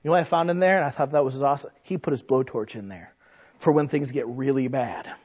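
A man's voice: medium pitch, fast, a little mellow, husky, dull audio. A male pastor preaching a sermon in a folksy, conversational way, full of rhetorical questions.

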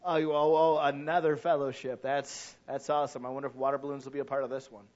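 A middle-aged man preaching a sermon, swinging from quiet conversational asides to loud shouted passages and acting out little scenes in voices. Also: mid-range voice, level tone, quick pace, dull audio. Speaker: pastor. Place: church.

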